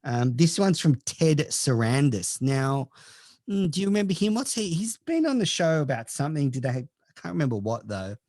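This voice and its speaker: A man's voice: fairly high pitch, big pitch swings, normal speed, darkish tone, no room sound, studio quality. A man hosting a podcast in casual chat, giving mock-serious advice and reading listener questions. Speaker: podcast host.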